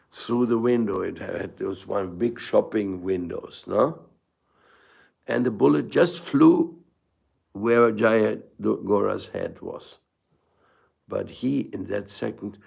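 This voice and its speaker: Older guy, low gravelly husky voice, giving a rambling storytelling spiritual talk. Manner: storytelling, halting restarts, rhetorical asides. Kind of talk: informal spiritual lecture.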